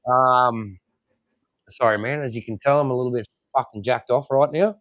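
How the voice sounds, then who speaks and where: A man's voice: medium pitch, normal speed, fairly bright tone. A man with an Australian accent, a military veteran guest ranting angrily and swearing constantly. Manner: heated, swears constantly, repeats himself. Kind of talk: angry profane rant.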